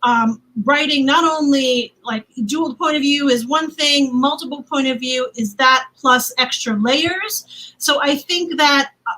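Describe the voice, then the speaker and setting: A woman's voice: high-pitched, bright, forceful tone, poor audio. A woman moderating a casual livestream panel, chatty and playful, laughing often, on a video call from home.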